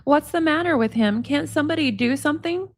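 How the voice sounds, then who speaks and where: Panicked young woman , read by a female narrator: high, pleading. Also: brisk. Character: frantic, desperate young blonde woman. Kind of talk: dramatic reading on a livestream.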